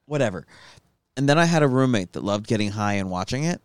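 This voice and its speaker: A man's voice: on the low side, lively intonation, fast talker, smooth, no echo. A young man chatting casually and joking, telling stories in a loose, riffing way. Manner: joking, storytelling, swears casually. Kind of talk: casual chat.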